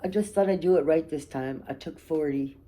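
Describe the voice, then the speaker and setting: A woman's voice: deep voice, fairly quick, mellow, natural voice. A woman quoting her manipulative, self-pitying older mother in a plaintive, matter-of-fact tone while telling a personal story.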